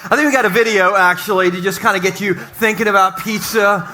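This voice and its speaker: A man preaching to his congregation in a lively, joking way, speaking in a church basement. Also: high voice, fairly quick, slight background noise. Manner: energetic, joking, talks to the congregation. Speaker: pastor. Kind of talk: lively sermon opening.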